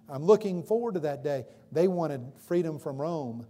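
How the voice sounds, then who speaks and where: A male pastor preaching a sermon in a church, swinging between loud emphatic calls and quieter explanation, with frequent questions to the congregation. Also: on the high side, expressive, normal speed, few pauses. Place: church sanctuary. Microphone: livestream recording from the pulpit.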